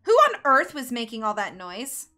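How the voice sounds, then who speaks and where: A woman's voice: on the high side, expressive, brisk, sharp tone, soft background music. A woman reading aloud, voicing a haughty, demanding fashion designer. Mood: imperious. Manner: demanding, imperious.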